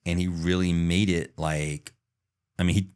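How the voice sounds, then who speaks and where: A man's voice: sits low, steady tone, unhurried, darkish tone, smooth. A man co-hosting a podcast in casual chat, rambling through a story and acting out the sounds. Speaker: podcast co-host.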